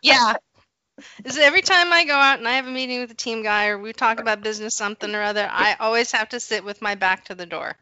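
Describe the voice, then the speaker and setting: A woman hosting a casual chat, lively and quick to laugh. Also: fairly high pitch, clear, resonant tone, no room sound, highs cut off.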